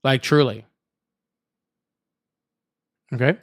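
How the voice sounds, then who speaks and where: A man's voice: medium pitch, extremely slow. A man hosting a live political debate stream, chatting casually and rambling to his viewers. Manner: rambling, repeats himself, talks straight to chat. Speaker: livestream political debate host. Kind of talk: casual livestream chat.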